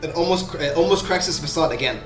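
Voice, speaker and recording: Guy running a tabletop game, fairly high voice, lots of uhs, echoey room. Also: quick pace, music in the background. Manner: hesitant, many fillers. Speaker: game master.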